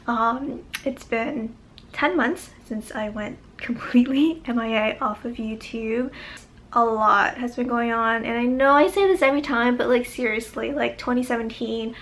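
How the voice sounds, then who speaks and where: A woman's voice: on the high side, moderate pace, a bit bright. A young woman vlogging a casual life update, a bit short of breath and chatty, with lots of fillers.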